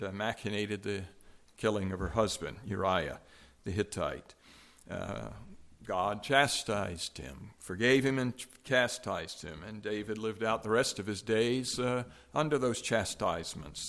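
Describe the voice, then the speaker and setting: A male preacher giving a sermon and reading scripture aloud, measured and halting, with frequent fillers. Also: lowish voice, fairly bright tone.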